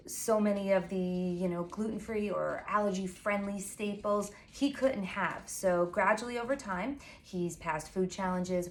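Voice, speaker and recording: A woman in her forties with a Long Island New York accent, a pastry chef giving a chatty, fast how-to talk full of asides and fillers. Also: medium pitch, slight background noise. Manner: fast, chatty and self-apologetic, with frequent fillers. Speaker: pastry chef and baking teacher. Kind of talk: casual instructional talk to camera.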